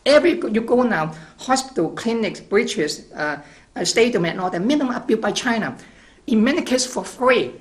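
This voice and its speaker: Male guest making a forceful case on a talk show, pressing with questions. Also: very high-pitched, expressive, moderate pace. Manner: emphatic, rhetorical questions, repeats words at the start of phrases. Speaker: interview guest, scholar. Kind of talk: argumentative interview answers.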